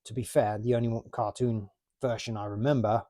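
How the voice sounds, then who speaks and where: A man's voice: fairly low pitch, fairly even intonation, a little fast, warm tone. A man in his late forties from the UK, chatting casually and rambling about his toy collection. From United Kingdom. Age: 40s. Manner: rambling, chatty, self-mocking.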